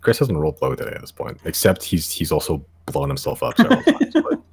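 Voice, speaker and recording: A man's voice: deep voice, wildly swooping pitch, fast, creaky, a little mellow, breathy edge. A man narrating as game master in a tabletop game, with a casual, hesitant delivery full of fillers.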